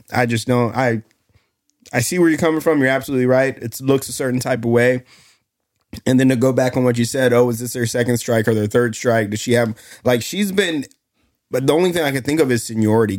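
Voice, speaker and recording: A man co-hosting a podcast in casual chat, measured and pausing often. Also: medium pitch, darkish tone, no room sound, clean studio sound. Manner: measured, with many "uh" pauses. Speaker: podcast co-host.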